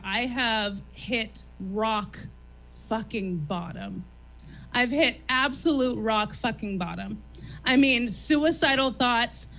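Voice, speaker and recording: A woman's voice: sits high, sharp tone. A woman comedian in her thirties talking candidly and emphatically, swearing freely as a guest on a comedy theater stage. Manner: emphatic, profane, rapid-fire. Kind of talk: candid confessional talk.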